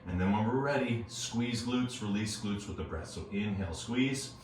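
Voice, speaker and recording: A man teaching a yoga class, calmly cueing breaths and movements with casual asides. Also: lowish voice, moderate pace, distant mic, background noise. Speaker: yoga instructor. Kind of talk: guided yoga class instruction. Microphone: earbuds. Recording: very echoey room, voice off-mic.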